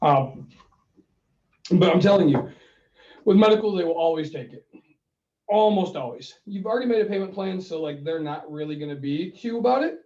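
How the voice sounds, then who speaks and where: Guy cohost telling a story, acts out the calls, bit high voice, sounds far off in an echoey room. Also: expressive, normal speed, long pauses, warm tone. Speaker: podcast co-host giving money advice. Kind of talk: casual chat. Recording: roomy, distant, dull sound.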